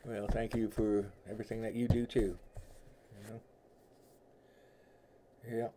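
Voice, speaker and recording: Against a noisy background, a middle-aged man speaks in a fairly low, unhurried voice with little pitch movement. He reads tarot on a livestream from home, his New York and Southern US accents blended as he chats folksily and rambles with viewers.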